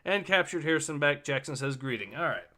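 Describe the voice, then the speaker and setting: A man's voice: a little high, animated, fast, sharp tone, a little hiss or hum. A man hosting a casual livestream, chatty with many fillers and restarts. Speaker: livestream host.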